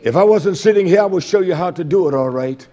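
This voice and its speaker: A man with a high voice delivers a sermon from his seat. He repeats his phrases in a call-and-response rhythm. His delivery swings from loud, fervent outbursts down to low murmurs. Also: lively intonation, fast talker, dull audio. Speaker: preacher. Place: seated while preaching.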